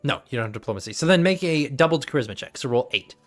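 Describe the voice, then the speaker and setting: A man's voice: medium pitch, animated, quick pace, a bit bright, faint music behind. Rambling, laughing game master man. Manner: rambling, laughs often, self-correcting. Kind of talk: narrating a tabletop game.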